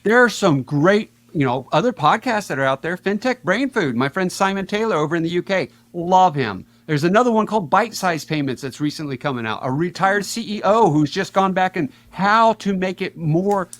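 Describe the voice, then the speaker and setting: A man talking energetically as a podcast guest, fast and animated, with big swings in his voice. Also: high-pitched. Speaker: podcast guest, payments educator. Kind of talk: energetic conversational interview.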